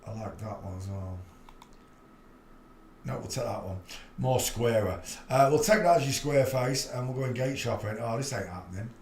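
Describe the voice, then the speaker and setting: Heard in a roomy, echoing space with slight background noise, a man of medium pitch and moderate pace runs a livestream. His casual commentary is talkative, meandering and frank, and he laughs at his own jokes.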